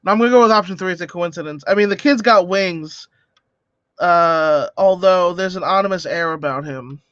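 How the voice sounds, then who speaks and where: High-voiced man chatting on a lo-fi stream. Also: moderate pace, a bit bright, no room sound. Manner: chatty, reads lines aloud with joking asides. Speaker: co-host. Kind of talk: casual live-stream comic read-along.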